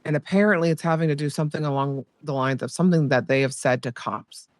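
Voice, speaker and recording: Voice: mid-range voice, fast talker, no room sound. Rp player passing on gossip, stops and restarts, swears casually, dry close-up sound. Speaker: fellow roleplay player. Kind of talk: casual in-character roleplay chat.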